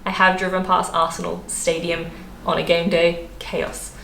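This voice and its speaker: A woman's voice: fairly low pitch, flat delivery, a little slow, vocal fry, a bit bright. Chatty Australian woman, echoey room. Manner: chatty, laughs often, many fillers. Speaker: vlogger. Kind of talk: casual chat to camera. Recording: echoey room, faint background noise.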